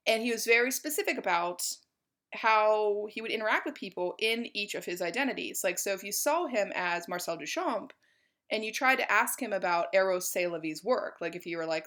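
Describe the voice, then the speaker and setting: A woman's voice: medium pitch, animated, a little fast, a bit bright. A woman giving a college art history lecture in a chatty, informal way, with many fillers.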